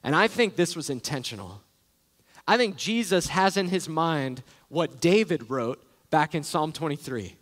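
A man's voice: fairly high pitch, animated, unhurried, fairly bright tone. A man preaching a sermon as a pastor, earnest and emphatic, repeating key phrases. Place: large church sanctuary. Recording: echoey church hall.

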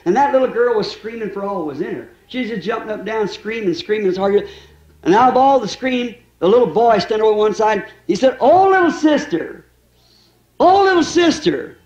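A man's voice: high-pitched, fast talker, darkish tone, muffled recording. A middle-aged male preacher telling folksy stories in a sermon, chuckling often as he goes. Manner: homespun storyteller, chuckles often.

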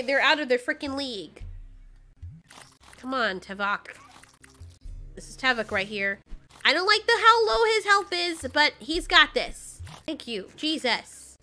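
A woman commentating live as she plays a video game, reacting loudly and swearing at the game in exasperation. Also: sits high, lively intonation, a little slow, faint music behind. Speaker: gaming channel host.

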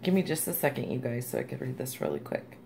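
A low-pitched woman with a gravelly edge to her voice, chatting through a casual unboxing vlog. She gushes and chats warmly at the camera while sounding tired, with a faint hiss behind her. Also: sing-song, fast talker. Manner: gushing and chatty, squeals and laughs often. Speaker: crafting vlogger.

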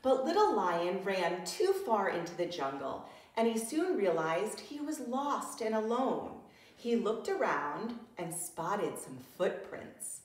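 A preschool teacher, a woman, reading a picture book aloud to young children, slow and expressive with gasps and questions to her listeners. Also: medium pitch. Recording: very echoey room, distant mic.

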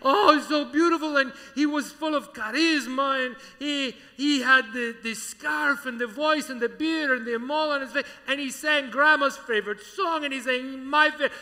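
A man's voice: very high voice, normal speed, few pauses, sharp tone, voice pushed up, full character voice. A man putting on his doting mother's gushing voice, on stage in a school auditorium. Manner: gushing, breathless praise. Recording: reverberant auditorium, live.

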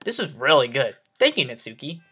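A man reading a game's text aloud as its player, breaking off with expressive emotional reactions. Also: mid-range voice, a little fast, breathy edge, faint music behind. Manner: expressive, reacting with emotional outbursts between read lines. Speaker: let's play host. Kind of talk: reading and reacting during a game playthrough.

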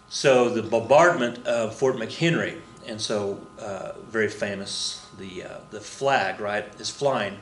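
A man's voice: fairly low pitch, slow, few pauses. Male teacher, loose and chatty history lecture, roomy echo with a faint hum behind. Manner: rambling, conversational, many fillers and restarts.

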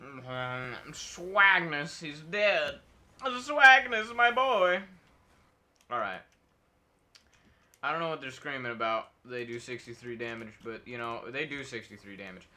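Bright-voiced goofy male streamer. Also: mid-range voice, normal speed, a little hiss or hum. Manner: silly, rambling, talks to himself and enemies, nonsense noises. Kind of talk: casual gameplay commentary.

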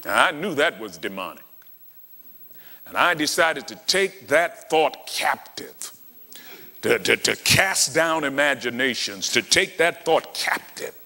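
Male preacher, animated storyteller who acts out dialogue, bright voice, long hall reverb. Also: mid-range voice, unhurried. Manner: dramatic storytelling, acting out dialogue. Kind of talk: sermon.

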